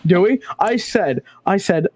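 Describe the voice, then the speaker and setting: Brash high-pitched man cutting in. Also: lively intonation, measured pace, a loud crowd. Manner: brash, interrupting, boastful. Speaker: police officer in roleplay. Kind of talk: casual roleplay chat.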